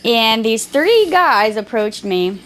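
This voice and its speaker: High-voiced woman telling a story. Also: slow pace. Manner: animated storyteller, acts out voices. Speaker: actress. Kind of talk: DVD commentary chat.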